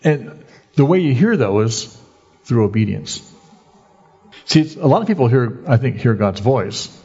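Guy preaching a sermon, kinda husky voice, chatty storyteller, muffled lo-fi audio. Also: medium pitch, unhurried, soft background music. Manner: lively storyteller who acts out the quoted voices; conversational, folksy preaching. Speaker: pastor. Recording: dull lo-fi recording.

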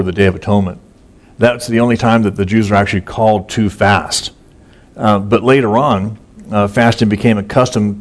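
Casual, low-voiced man preaching. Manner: casual and folksy, many fillers and repeated words. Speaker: pastor. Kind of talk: sermon, conversational Bible teaching.

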